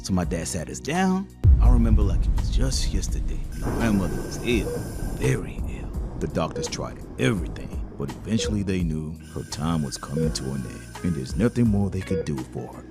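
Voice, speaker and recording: A man narrating his own childhood story for an animated storytime, dramatic and animated. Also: low-pitched, fairly quick. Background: background music.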